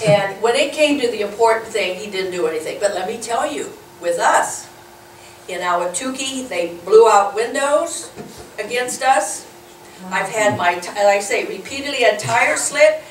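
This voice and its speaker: A woman's voice: mid-range voice, moderate pace. A woman speaking to a group about organizing, informal and fervent, acting out what others said. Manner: animated, fervent, acts out quotes. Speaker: local political organizer speaking at a meeting. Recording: echoey room, mic far off, faint noise.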